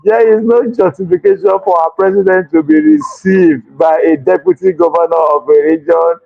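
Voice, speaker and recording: A man with a Nigerian accent giving excitable political commentary, laughing and exclaiming often and slipping into pidgin. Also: high-pitched, moderate pace, vocal fry, phone-quality sound, faint music behind. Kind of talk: animated political chat.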